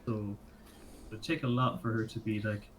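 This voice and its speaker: A man's voice: lowish voice, steady tone, moderate pace, a little hiss or hum, low-quality recording. Man playing a tabletop game. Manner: mixes narration with in-character lines. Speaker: player.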